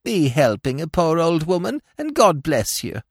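A man's voice: fairly high pitch, wildly swooping pitch, moderate pace, breathy edge, dry recording, studio quality, pitched above the performer's own voice, full character voice. A man voicing a whining old woman beggar with a sing-song, pleading voice in a narrated story. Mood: whining plea.

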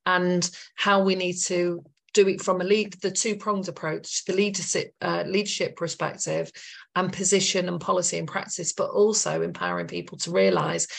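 A woman's voice: fairly low pitch, gravelly. A woman hosting a podcast interview, speaking effusively and thanking her guest with long lists of praise. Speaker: podcast host. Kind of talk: interview talk.

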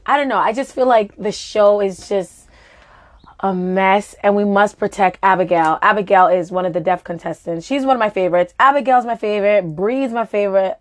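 A woman co-hosting a casual chat, opinionated and quick to laugh. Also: medium pitch. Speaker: podcast co-host. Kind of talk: casual chat about reality TV.

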